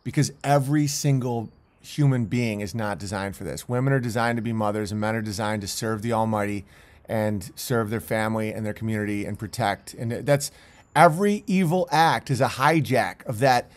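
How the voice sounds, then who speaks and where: A man's voice: lowish voice, normal speed. A man commentating on video clips in a rambling, intense way, with many restarts.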